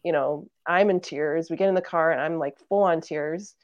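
A woman in her thirties, guesting on a podcast, speaks in a low voice at a normal pace with no echo. In casual conversation she earnestly tells a family story, acting out what her relatives said.

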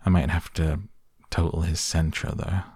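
A man with a gravelly voice reading the lines of an anxious teenage girl who babbles nervously, in an audiobook. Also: deep voice, little pitch movement, normal speed, warm tone, dry recording, clean studio sound. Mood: nervous babbling. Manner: nervous rambling chatter.

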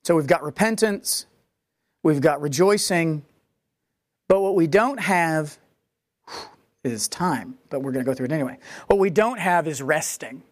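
A woman preaching a sermon in a conversational, animated way, with quick asides and playful acted-out quotes. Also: low-pitched, dry recording.

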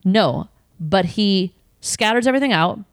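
A woman telling a work story in casual chat, animated and swearing, acting out what she said back then. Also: medium pitch, unhurried, dry recording, clean studio sound. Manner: animated, swearing, acts out her own past lines.

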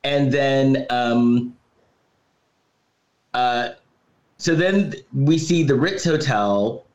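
A man's voice: mid-range voice, roomy sound, lo-fi sound. A man co-hosting a podcast, recapping a movie's plot scene by scene in casual chat and laughing as he goes. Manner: laughing, storytelling recap with quoted lines. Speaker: podcast co-host.

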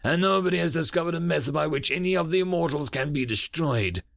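Brief: man voicing a snarling digital warlord, cold hard edge, raised pitch, dry read. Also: quick pace, vocal fry, a bit bright, dry recording. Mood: cold commanding. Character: stern ancient male digital war-being, commanding.

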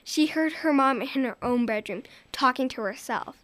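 A woman telling a children's story aloud in a lively, expressive way. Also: high voice, moderate pace, no room sound.

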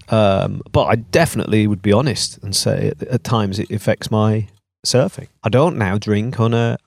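A middle-aged man co-hosting a podcast, talking in a candid, relaxed and self-deprecating way. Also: mid-range voice, gravelly, dry recording, clean studio sound. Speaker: podcast co-host. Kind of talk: casual podcast chat.

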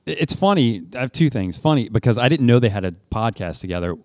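A man's voice: mid-range voice, expressive, fast, a little mellow, no room sound, studio quality. A man co-hosting a podcast, talking casually and hesitantly, often trailing off while he searches for words. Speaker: podcast co-host. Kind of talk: casual chat.

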